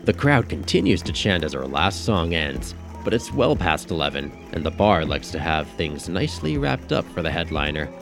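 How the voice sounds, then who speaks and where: A man's voice: deep voice, big pitch swings, normal speed, gravelly, hardly any pauses, music in the background. A man narrating a first-person story in a casual, wry storytelling manner.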